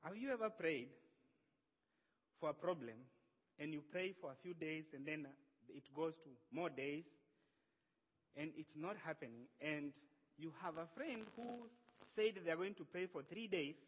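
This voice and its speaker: High-pitched guy preaching, chatty and animated, lots of hall reverb. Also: measured pace. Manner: conversational, animated, acts out quoted voices. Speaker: pastor. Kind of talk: sermon.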